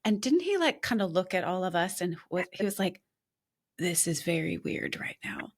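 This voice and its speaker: A woman's voice: lowish voice, normal speed, husky. A young adult woman hosting a podcast, chatting casually with a friend and retelling stories with lots of laughter and restarts. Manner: animated, laughing storyteller with many restarts. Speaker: podcast host. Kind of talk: casual conversation.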